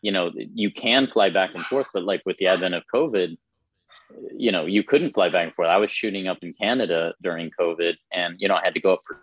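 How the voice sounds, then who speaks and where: A man's voice: low voice, brisk, husky, no echo, narrow, tinny audio. A man chatting casually and earnestly, rambling a little with many fillers. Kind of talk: casual chat.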